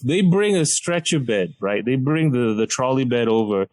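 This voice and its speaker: Guy spinning a funny story on a podcast, lively, laughs as he talks, mid-pitched voice. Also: normal speed, poor audio. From Malaysia. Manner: animated, laughs mid-sentence, self-mocking. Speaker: podcast guest, comedian. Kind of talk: comedic storytelling.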